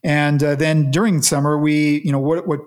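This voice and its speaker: A man being interviewed, recounting a personal story in an earnest, reflective way with halting restarts. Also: on the high side, steady tone, darkish tone. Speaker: interview guest.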